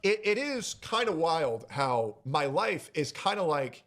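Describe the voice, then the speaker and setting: A man making a personal announcement on his stream, hesitant and emotional, pausing often with fillers. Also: a little high, very animated, fairly bright tone.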